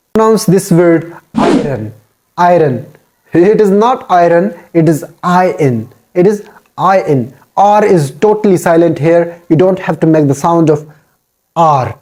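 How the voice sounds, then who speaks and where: Mellow-voiced man teaching pronunciation. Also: high voice. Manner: repetitive, drills each word aloud. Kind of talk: instructional talk.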